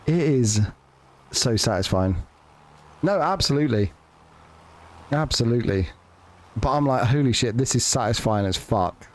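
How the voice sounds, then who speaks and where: A man's voice: mid-range voice, animated, unhurried, pauses often. A man live-streaming a farming game, chatting casually to viewers with jokes, swearing and lots of restarts. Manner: joking, sweary, rambling with restarts.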